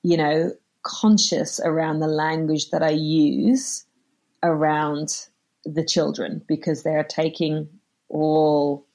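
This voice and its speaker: Woman, 30s, podcast host, lower voice, reflective and casual, animated when quoting. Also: slow pace. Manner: reflective, acts out quotes animatedly. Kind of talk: casual conversation.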